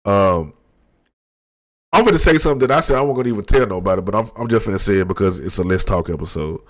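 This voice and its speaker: Man, thirties, low voice, soft confessional monologue, halting restarts, desk microphone. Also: expressive. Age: 30s. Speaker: podcast host. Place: at his desk.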